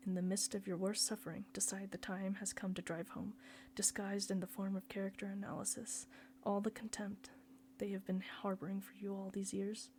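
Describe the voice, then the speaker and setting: A woman reading a novel aloud in a soft, often near-whispered way. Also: mid-range voice, level tone, normal speed, few pauses, slight background noise. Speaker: reader.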